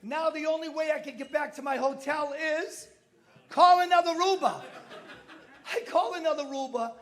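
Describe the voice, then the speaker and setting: A man's voice: extremely high pitch, brisk. A middle-aged man from Massachusetts doing a stand-up routine, telling a story with acted-out voices and brash punchlines in a comedy club.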